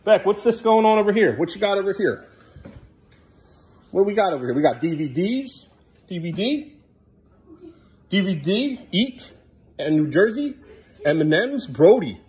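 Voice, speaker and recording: A man's voice: high-pitched, very animated, normal speed, pauses often. A father in a family home vlog, talking in an exasperated and scolding way, sometimes raising his voice. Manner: exasperated, scolding, loud and sharp at times.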